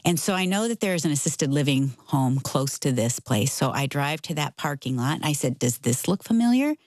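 A middle-aged woman telling a personal story in casual conversation, animated and acting out the voices of the people in it. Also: very deep voice, moderate pace, no room sound. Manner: animated, acts out quoted voices. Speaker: guest.

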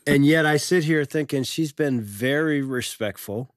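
A man co-hosting a talk show with his wife, telling personal stories in an animated way. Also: a little high, unhurried, no echo, studio quality. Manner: storytelling, animated. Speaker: co-host. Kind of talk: casual chat.

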